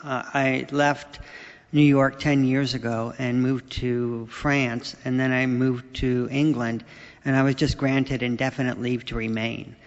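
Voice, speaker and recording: A middle-aged man telling wry anecdotes as a guest speaker on a festival stage, halting with fillers. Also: medium pitch, flat delivery. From United States. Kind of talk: stage talk at a writers festival. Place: large hall on stage. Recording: dull lo-fi audio with long hall reverb.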